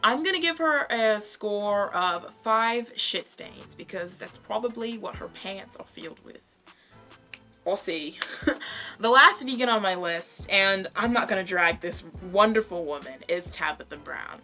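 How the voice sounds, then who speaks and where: Young woman vlogger, bright and crisp, blunt and profane roast commentary with faint music behind. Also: mid-range voice, expressive, measured pace. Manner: blunt, profane, chatty with many fillers. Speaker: vlogger reviewing other creators.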